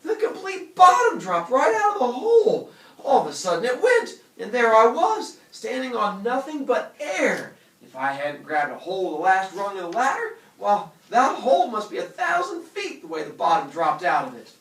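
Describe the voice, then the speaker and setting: A man reading aloud and voicing a frightened, excitable rural man who shouts and nearly cries. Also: very high-pitched, slow, voice pushed up, full character voice. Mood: frantic. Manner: panicky, shouting and near tears. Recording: echoey room from far off.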